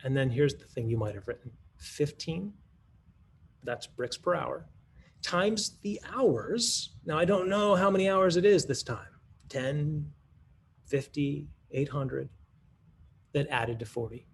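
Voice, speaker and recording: A man's voice: fairly high pitch, takes it slowly, vocal fry, slight background noise. A man giving a conference talk that models a math lesson, in a teacherly way, thinking aloud with restarts and rhetorical questions. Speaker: math curriculum presenter.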